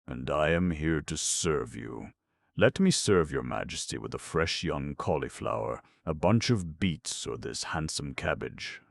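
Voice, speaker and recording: A man voicing a cheerful vegetable peddler who flatters and coaxes. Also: very deep voice, unhurried, creaky, no echo, exaggerated voice. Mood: coaxing. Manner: flattering, coaxing. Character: cheerful smooth-talking male vegetable peddler.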